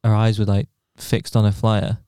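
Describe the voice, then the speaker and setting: Guest: man from the Wirral, smooth, dry close sound, meandering storyteller. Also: lowish voice, completely flat delivery, normal speed, dark tone, no echo. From the Wirral, England. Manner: rambling anecdotal storyteller with restarts. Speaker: podcast guest. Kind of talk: casual chat.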